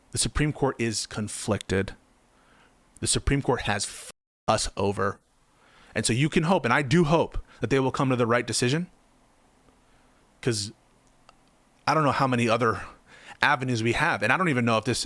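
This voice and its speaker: A man's voice: mid-range voice, fairly bright tone, no echo. A man giving impassioned political commentary, heated and sarcastic, firing off rhetorical questions.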